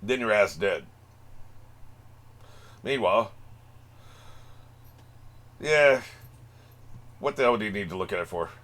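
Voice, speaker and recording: A man's voice: fairly low pitch, animated, takes it slowly, long pauses, a bit bright. A man hosting an anime reaction video, cracking profane jokes and laughing often in casual commentary. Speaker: anime reaction channel host.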